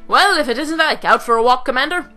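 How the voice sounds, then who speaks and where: A woman's voice: high-pitched, expressive, fast talker, bright, forceful tone, faint music behind, voice pushed up. A woman voicing a boisterous, leering male mercenary in a video game. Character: lecherous swaggering male mercenary.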